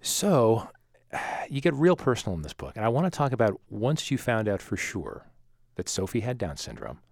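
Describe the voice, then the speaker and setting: A man's voice: lowish voice, sing-song, normal speed, creaky, no room sound, studio quality. A man hosting a radio show, introducing a guest and asking probing questions in a conversational way. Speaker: radio host. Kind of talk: radio interview. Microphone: studio mic.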